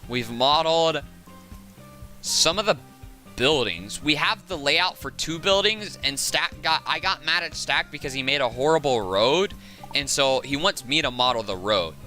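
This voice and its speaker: Bright-voiced Southern streamer, rambling and chatty. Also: male voice, fairly high pitch, expressive, a little slow, soft background music. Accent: Southern American. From Southern United States. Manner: rambling, chatty, laughs often. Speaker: game streamer. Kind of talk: casual live-stream chat.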